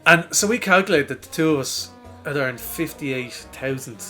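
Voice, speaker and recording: A young man with a Dublin accent telling a rambling, animated story in casual podcast chat, swearing freely and acting out other people's lines. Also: fairly high pitch, normal speed, soft background music. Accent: Irish, Dublin. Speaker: podcast co-host.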